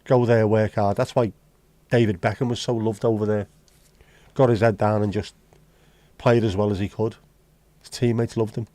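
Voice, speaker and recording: Scouse bloke on a livestream, mellow voice, blunt and sweary, dry close sound. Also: male voice, lowish voice, little pitch movement, moderate pace, dry recording. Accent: Liverpool (Scouse). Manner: blunt, sweary banter with chat. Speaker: livestream host. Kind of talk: casual live-stream chat.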